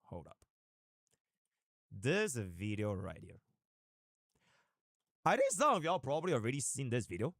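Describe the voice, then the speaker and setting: Animated, lively male live streamer. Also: mid-range voice, no room sound, studio quality. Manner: animated and rambling, with sudden fast bursts. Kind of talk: casual live-stream chat.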